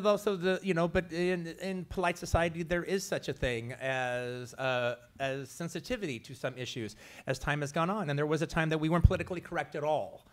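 A man, a writer and filmmaker, answering a question at a press conference, halting with many fillers. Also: on the high side, fairly bright tone.

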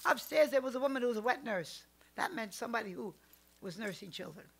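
An older woman telling family stories as a podcast guest, animated, swinging between loud outbursts and hushed asides. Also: fairly high pitch, fast talker, creaky, slightly rough. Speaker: psychic guest. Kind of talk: storytelling in a podcast interview.

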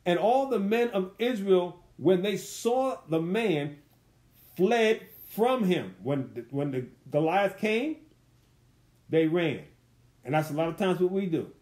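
A man's voice: sits high, expressive, takes it slowly, a little mellow. A man leading a verse-by-verse Bible study, teaching in a loose, conversational way and putting rhetorical questions to his listeners. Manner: loose, colloquial phrasing.

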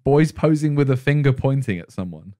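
A man's voice: medium pitch, lively intonation, fairly quick, mellow, no echo. A young man with a mid-range voice, bantering and teasing in loose podcast chat. The sound is dry and close, with no room around it. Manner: teasing, playful, reads list items aloud. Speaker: podcast host. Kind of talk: casual chat.

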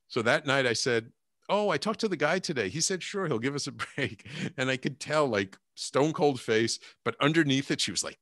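A middle-aged man talks through a personal story at an easy conversational pace. His voice lifts sharply whenever he acts out what someone said. The sound is close and dry. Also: dry recording. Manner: animated, acts out quotes with rising pitch. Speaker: podcast guest, healer and coach. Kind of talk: casual storytelling.

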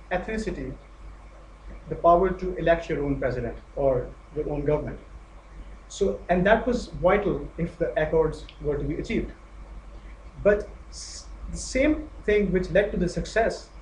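A man from Pakistan with a Pakistani accent, giving an academic lecture in a measured way, pausing with fillers and restarts. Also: high voice, a little mellow. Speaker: guest lecturer. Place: lecture hall. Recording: echoey hall with faint noise.

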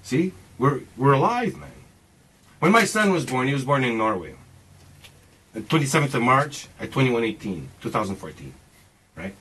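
This man in his forties has a mid-range, sing-song voice with a fairly bright, slightly rough tone, moving at a normal pace with long pauses on a low-quality recording. He rambles casually, swearing a lot and speaking emphatically as he philosophizes and shares personal views, calling the listener "man."

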